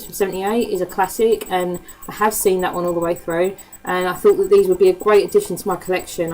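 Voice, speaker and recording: A woman with a Cockney accent talks casually to camera in an easygoing, rambling way. She swears freely and fills her talk with ums and little asides. Her voice sits in a middle pitch. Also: a little mellow, a little hiss or hum, low-quality recording. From East End of London. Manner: chatty and swears freely, with frequent laughs and fillers. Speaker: vlogger. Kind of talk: casual chat.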